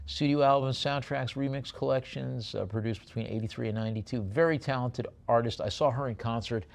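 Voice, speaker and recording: Older male auctioneer, New York accent, rapid bid calls mixed with wry jokes, mid-range voice. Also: mid-range voice, creaky. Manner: chatty, joking asides between rapid bid calls. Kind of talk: live auction calling.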